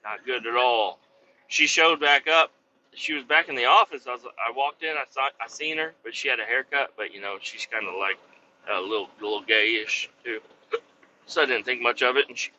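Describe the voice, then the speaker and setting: A man's voice: mid-range voice, moderate pace, bright, forceful tone, a little hiss or hum. A man who drives trucks, telling rambling stories in a crude, profane, joking way. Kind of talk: rambling casual storytelling. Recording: dull lo-fi sound.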